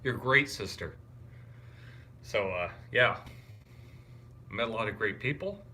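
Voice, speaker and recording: Bright, lively young man. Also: lowish voice, unhurried, a little hiss or hum. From Canada. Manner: scattered, chatty, greets viewers and reads the chat aloud. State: wired and tired. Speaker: live-streaming vlogger. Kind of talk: casual live-stream chat. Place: hotel room.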